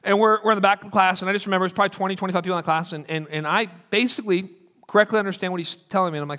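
Earnest preacher in a ringing hall. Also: male voice, sits high, steady tone, a bit bright. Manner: earnest, storytelling, slows down for quotes. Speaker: pastor. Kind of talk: sermon.

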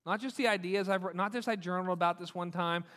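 A bright, high-pitched male pastor delivers a sermon with animated, repeated emphasis. His voice rings through the long reverb of a large hall. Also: fast talker. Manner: animated, repeats points for emphasis, acts out quoted people.

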